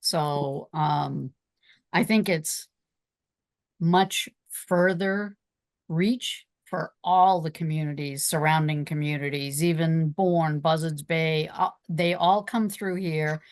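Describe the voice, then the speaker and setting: A woman on a town committee speaks slowly and earnestly in a low voice. The sound is close and dry, with little room echo. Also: steady tone. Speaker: committee member. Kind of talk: town meeting discussion.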